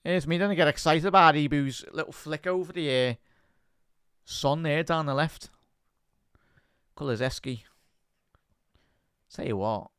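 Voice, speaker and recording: Bright-voiced excitable football watch-along host. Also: male voice, fairly high pitch, a little slow, pauses often, smooth, dry recording, studio quality. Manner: chatty fan commentary, erupts into shouting at goals; reads and answers viewer chat.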